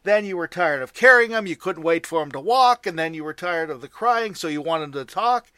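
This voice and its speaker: A man's voice: on the high side, animated, a little fast, sharp tone, smooth, no echo, clean studio sound. An American man in his forties, a father, hosting a casual chat and speaking earnestly with frequent restarts. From United States. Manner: earnest, repeats words when starting.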